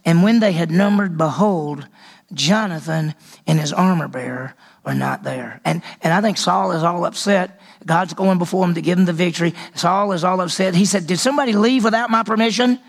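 A man's voice: sits high, moderate pace, creaky. A man teaching a Bible lesson as a sermon, telling the story with animation and acting out the characters' voices.

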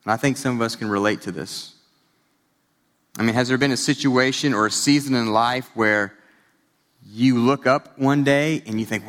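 A man's voice: medium pitch, moderate pace. Man preaching in a reverberant hall. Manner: conversational storytelling, animated bursts. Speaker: pastor. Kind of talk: sermon.

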